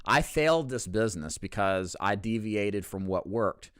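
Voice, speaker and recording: An insurance agency owner hosts a casual Q&A to camera, speaking candidly, joking at his own expense, and often restarting sentences. His fairly low voice is expressive, measured in pace, a bit bright, and smooth, with clean studio sound and no room sound.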